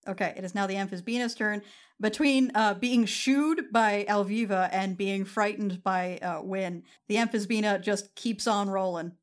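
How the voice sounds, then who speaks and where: A woman's voice: mid-range voice, normal speed. A woman acting as game master, calling out rules and narrating the results of attacks. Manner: calm, matter-of-fact rulings.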